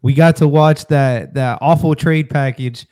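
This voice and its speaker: A man's voice: on the high side, steady tone, measured pace, warm tone. A man co-hosting a casual sports podcast over a video call, hyped and joking, swearing freely. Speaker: podcast co-host. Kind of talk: casual postgame chat.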